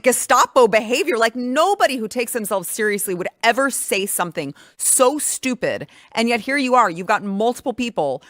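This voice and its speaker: A woman's voice: fairly high pitch, a bit bright, no room sound. Emphatic woman host, dry sound. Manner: emphatic, indignant, rambling. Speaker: show host. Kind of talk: casual political chat.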